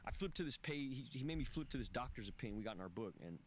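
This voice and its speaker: A man's voice: medium pitch, animated, rapid-fire, a little hiss or hum. A man speaking as a podcast guest, telling his recovery story candidly in a profane, emphatic way with frequent restarts. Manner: profane, emphatic, restless phrasing with repeated restarts.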